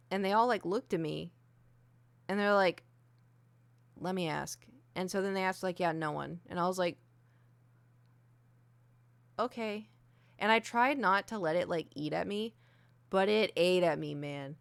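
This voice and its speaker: Young woman streamer, lowish smooth voice, candid rambling chat, dry close sound. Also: brisk, pauses often, a bit bright, no room sound. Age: young adult. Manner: candid, self-deprecating, many fillers. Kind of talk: casual chat. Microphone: desk mic with ring light.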